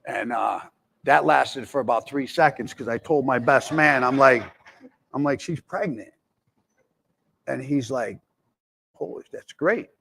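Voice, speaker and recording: A man's voice: mid-range voice, moderate pace, creaky, bright, forceful tone. A man in his forties telling his own recovery story candidly, rambling with many fillers and restarts. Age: 40s. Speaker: speaker in recovery. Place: jail, indoors.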